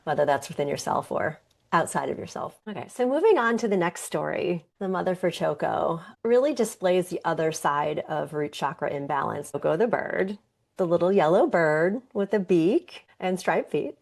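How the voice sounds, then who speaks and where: Low-voiced woman hosting a wellness podcast. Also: expressive, normal speed, creaky, darkish tone. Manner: earnest, conversational, with occasional laughs. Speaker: podcast host and yoga teacher. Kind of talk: reflective wellness talk.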